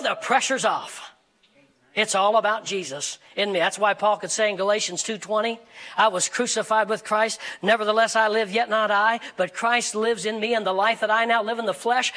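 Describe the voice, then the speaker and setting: Man preaching, very high voice, bright sharp tone, animated with shouts. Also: moderate pace, rough recording. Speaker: pastor. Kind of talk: sermon. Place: church sanctuary.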